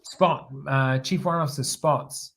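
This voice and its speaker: An interview-show guest, a middle-aged former helicopter pilot with a New Zealand accent, tells his story in a slightly high, unhurried voice. He sounds relaxed and drifts as he talks, often beginning again and saying words twice.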